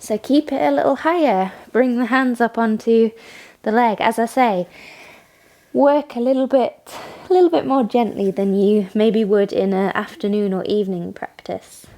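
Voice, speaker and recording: A woman leading a morning yoga class, giving calm step-by-step cues and frequent praise. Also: fairly high pitch, moderate pace. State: has the hiccups. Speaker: yoga instructor. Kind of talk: guided yoga class instruction.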